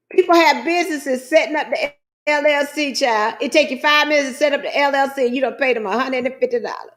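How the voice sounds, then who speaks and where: This middle-aged woman talks fast in a high, slightly bright voice. As a trucking business coach leading a screen-share tutorial on online business forms, she stays folksy and chatty, referring to viewers as "guys" and "child."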